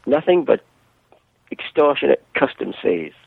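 A man co-hosting a casual podcast chat over the phone, easygoing and quick to laugh along. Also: medium pitch, very animated, creaky, breathy edge. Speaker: podcast co-host. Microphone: telephone. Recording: muffled phone line.

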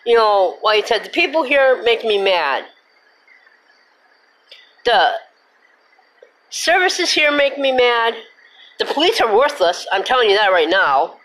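Woman host, higher voice, indignant rant with repeated complaints and the odd cuss word. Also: big pitch swings, a little slow, pauses often, fairly bright tone, low-quality recording. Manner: indignant, cusses and then apologizes; repetitive, emphatic complaining. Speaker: host of her own show. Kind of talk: angry rant.

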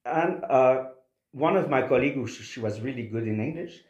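A man speaking English with a Québécois French accent; French is his first language. He talks in halting bursts full of restarts and fillers. His voice sits in a mid pitch and carries an echoey room sound. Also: darkish tone, dull audio. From Quebec. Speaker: opera singer. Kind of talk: interview conversation.

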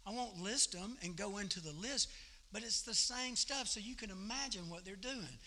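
A man preaching a sermon at a church service, telling the story in a folksy, animated way. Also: high voice, moderate pace. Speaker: pastor.

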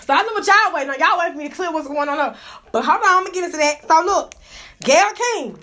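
A woman's voice: very high voice, lively intonation, quick pace, pushed and bright. A woman hosting a casual gossip livestream from indoors, talking into her phone, profane and fired up, laughing often. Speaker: livestream host.

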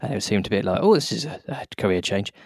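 Playful man with a lively pitch. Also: fast, no echo, clean studio sound. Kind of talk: casual chat.

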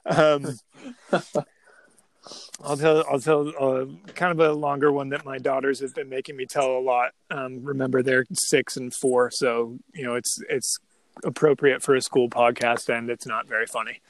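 A man's voice: medium pitch, level tone, moderate pace, dry recording, low-quality recording. A man in his thirties, a teacher guest on a school podcast, chatting casually and joking with frequent chuckles. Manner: joking, chuckles often, many "um"s.

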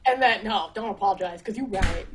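A woman's voice: medium pitch, fairly quick, over music, low-quality recording. A young woman hosting a podcast, chatting casually and animatedly, laughing and swearing as she acts out quotes. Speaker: podcast host. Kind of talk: casual chat.

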